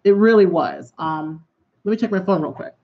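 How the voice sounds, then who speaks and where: A woman's voice: fairly low pitch, moderate pace. Blunt, swearing woman vlogger, lo-fi sound. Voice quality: heavy swearing, exasperated and blunt. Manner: talks while doing her eyeliner. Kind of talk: casual venting vlog.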